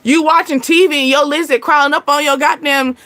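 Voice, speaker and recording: A woman doing a casual tarot reading, chatty and animated, breaking into laughter as she tells stories. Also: high voice, a little fast, dry recording. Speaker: tarot reader.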